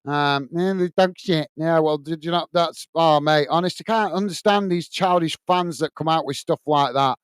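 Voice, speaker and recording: British man, fan channel host, chatty, lots of fillers, higher voice, dry close sound. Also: moderate pace, hardly any pauses, clear, resonant tone, no echo. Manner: chatty, calls viewers mate, many fillers. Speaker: watch-along host. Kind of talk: live match commentary and chat reading.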